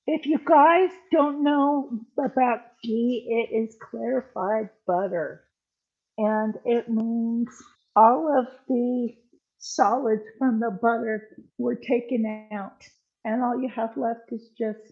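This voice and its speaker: A woman's voice: a little high, darkish tone, highs cut off. An older woman hosting a live cooking stream from her home kitchen, chatting casually to viewers with lots of ums as she cooks. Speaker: livestream cooking host.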